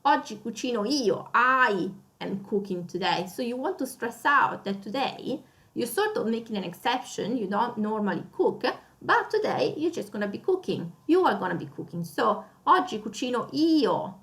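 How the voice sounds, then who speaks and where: A woman's voice: a little high, lively intonation, moderate pace, fairly bright tone. A woman with an Italian accent, a native Italian speaker, teaching a beginner grammar lesson and repeating example phrases with strong emphasis. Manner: explanatory, repeats examples with stressed emphasis, frequent uh fillers.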